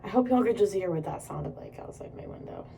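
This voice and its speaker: A woman's voice: on the low side, huge pitch swings, brisk, creaky, recorded from a distance, noisy background. A young woman vlogging casually while doing her makeup, rambling, giggling and swearing freely. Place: indoors at home.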